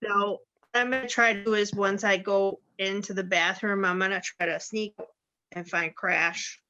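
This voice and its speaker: A woman playing a tabletop game, eager and chatty with a bright, forceful voice. The recording is dull and lo-fi. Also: medium pitch, steady tone, normal speed. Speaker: player. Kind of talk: casual tabletop game play.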